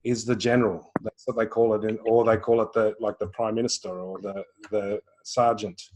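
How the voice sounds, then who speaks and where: A man giving a live intuitive healing reading, animated and acting out quoted speech. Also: on the low side, moderate pace, a little hiss or hum. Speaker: intuitive healer.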